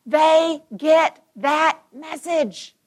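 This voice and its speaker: A woman's voice: sits high, extremely slow. A woman in her fifties giving a Christian conference talk to mothers, telling personal stories emphatically and acting out the dialogue.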